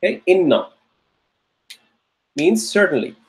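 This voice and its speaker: This Arabic teacher's voice sits high and has a sing-song quality, and he moves at a measured pace through an online grammar lesson. Patient and repetitive, he checks in with the class using "okay?"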